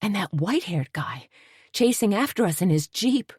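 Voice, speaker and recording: A woman's voice: mid-range voice, sing-song, normal speed, a little mellow, slightly rough, no room sound, clean studio sound, pitched above the performer's own voice. A woman reading an audiobook voices a plucky café owner who exclaims with breathless urgency. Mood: relieved.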